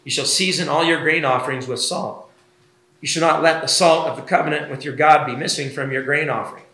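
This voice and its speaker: Slightly higher-voiced male pastor, measured teaching delivery in a sermon. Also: sharp tone. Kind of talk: expository sermon.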